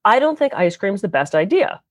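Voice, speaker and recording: A woman's voice: mid-range voice, very animated, a little fast, dry recording. Prim inner manager voice, chiding, reasoning, as a woman puts it on. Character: gently scolding inner manager, female adult.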